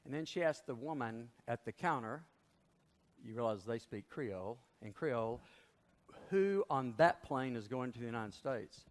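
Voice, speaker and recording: A male pastor tells a sermon story in an animated way, at a middle pitch. His voice carries the long reverb of a large church. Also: moderate pace.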